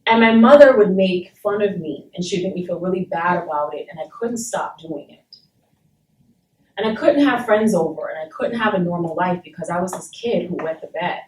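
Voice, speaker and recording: A woman's voice: on the low side, moderate pace, darkish tone. A woman from Saint Thomas in the Virgin Islands, speaking to a university class and telling a personal story in a blunt, emphatic way, with frequent swearing. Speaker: guest speaker. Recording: roomy and distant, faint background noise.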